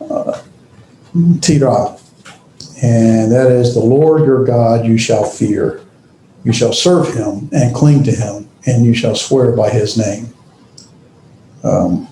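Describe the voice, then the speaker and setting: Man, class lecture, halting with fillers, self-correcting, mellow dark voice, roomy echo. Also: mid-range voice, slight background noise. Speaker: Bible language instructor.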